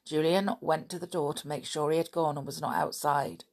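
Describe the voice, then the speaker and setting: A woman's voice: low voice, fairly even intonation, normal speed, a little mellow. Woman reading a children's book aloud. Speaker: storyteller.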